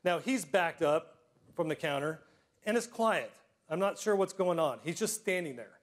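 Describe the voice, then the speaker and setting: Middle-aged guy telling self-deprecating stories, acts out scenes, kinda high voice. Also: lively intonation, normal speed. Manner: frequent throat clearing. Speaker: storyteller. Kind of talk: personal storytelling to a live audience.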